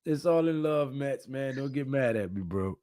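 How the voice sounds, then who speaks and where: Brief: male live-stream host, tired, laid-back, mellow dark tone, dry close sound. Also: mid-range voice, animated, moderate pace, no room sound. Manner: laid-back, reads chat comments aloud. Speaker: livestream host. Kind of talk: casual live-stream chat.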